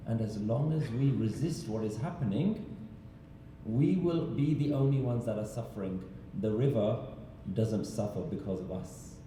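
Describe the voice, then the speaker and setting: A man with a very dark, mellow voice preaches in a large temple hall, telling a parable and asking his listeners rhetorical questions. He sounds distant from the mic, and his voice booms through a long, echoing reverb with a faint hiss underneath. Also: lively intonation, moderate pace. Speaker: religious speaker. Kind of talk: sermon-style talk.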